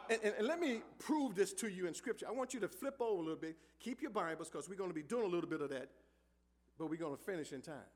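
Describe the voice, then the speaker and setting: A male pastor preaching a sermon in church. He calls out to the congregation for answers and swings between hushed lines and loud ones. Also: sits high, animated, fast. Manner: call-and-response preaching, swings from soft to loud. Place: church sanctuary.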